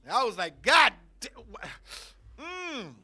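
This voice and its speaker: Guy with a really high sharp voice, animated storytelling, yells out bits. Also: slow. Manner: animated, loud bursts, laughing asides. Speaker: podcast host. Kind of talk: comedic storytelling. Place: studio.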